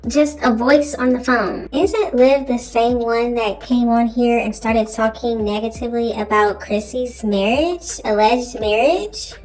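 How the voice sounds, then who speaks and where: Woman commentator with a critical, questioning delivery and a soft music bed. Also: a little high, a little slow, hardly any pauses, rough recording. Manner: critical, pointed rhetorical questions. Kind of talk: commentary on online drama.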